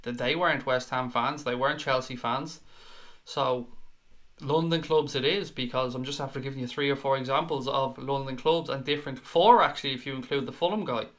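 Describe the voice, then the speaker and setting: Bright-voiced Irish stream host. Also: male voice, medium pitch. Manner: chatty, earnest, repeats words when worked up. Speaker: fan show host. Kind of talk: live-stream chat reading viewer comments.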